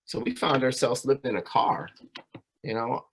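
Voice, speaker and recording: A man's voice: mid-range voice, expressive, normal speed, husky. A man giving a personal storytelling talk to a community audience, earnest and conversational, often checking in with "right?" and "you know". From California. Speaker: community speaker.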